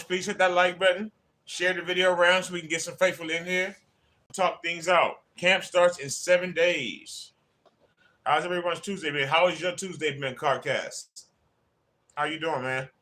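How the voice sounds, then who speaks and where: Bright, slightly high male host, chatty and friendly with live chat viewers. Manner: chatty, greets viewers by name. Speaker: livestream host. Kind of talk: casual livestream chat.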